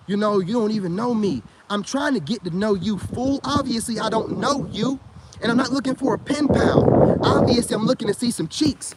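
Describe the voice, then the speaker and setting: A man's voice: high-pitched, slightly rough. A middle-aged man ranting in a profane, boastful monologue full of street slang. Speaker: online commentator.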